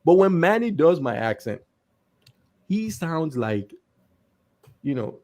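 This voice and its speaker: A man with a Nigerian accent, co-hosting a podcast in casual chat, animated and often laughing, with stumbling restarts. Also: on the high side, takes it slowly. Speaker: podcast co-host.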